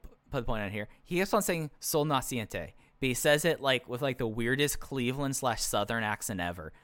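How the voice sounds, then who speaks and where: A man's voice: medium pitch, a bit bright, clean tone, no room sound. A man co-hosting a podcast, chatting casually and with strong opinions, often restarting his sentences. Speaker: podcast co-host. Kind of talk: casual chat reviewing a wrestling show.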